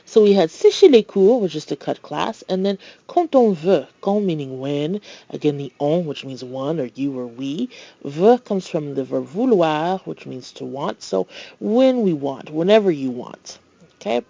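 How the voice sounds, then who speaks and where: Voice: mid-range voice, sing-song, measured pace, vocal fry, dark tone, dry recording, highs cut off. A language tutor giving a recorded lesson, explaining patiently with playful asides and reading French example phrases.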